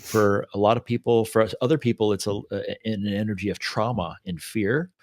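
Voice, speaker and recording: Casting: male co-host, low voice, dry close sound, easygoing storyteller. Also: fairly even intonation, fairly quick, a little mellow, no echo. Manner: laid-back, retells stories with voiced asides. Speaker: podcast co-host. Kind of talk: casual reflective chat.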